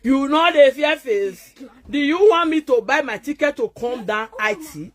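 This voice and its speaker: A woman's voice: sits high, animated, unhurried, a bit bright. A woman from Nigeria with a Nigerian Pidgin English accent, a social media vlogger delivering a mocking, scolding rant to her viewers.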